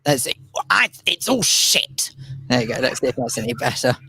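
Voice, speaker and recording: A man's voice: mid-range voice, sing-song, normal speed, creaky, bright, forceful tone, husky. A man co-hosting a radio show who answers his partner with dry, wry quips. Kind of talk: casual chat radio show.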